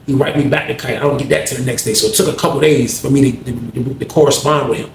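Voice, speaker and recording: A man telling a story in casual, slang-heavy talk, getting loud when he acts out arguments. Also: mid-range voice, steady tone, fast, roomy sound, slight background noise. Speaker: storyteller host.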